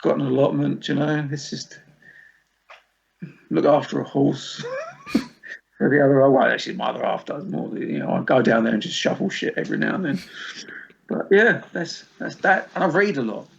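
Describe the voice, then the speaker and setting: A man's voice: medium pitch, normal speed, gravelly, pauses often, husky. A man and musician guest chatting casually on a podcast, laid-back, swearing freely and laughing often. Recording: dull lo-fi recording.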